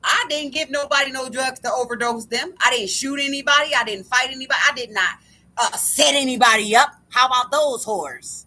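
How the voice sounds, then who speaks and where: A woman's voice: sits high, fairly quick, sharp tone. A woman delivering an angry, profane monologue to camera, repeating herself again and again.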